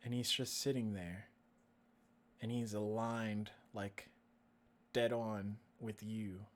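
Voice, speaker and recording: A man's voice: fairly low pitch, steady tone, takes it slowly. A man narrating a tabletop role-playing game as dungeon master, in a casual way with lots of laughter. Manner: casual, laughs often, says "like" a lot.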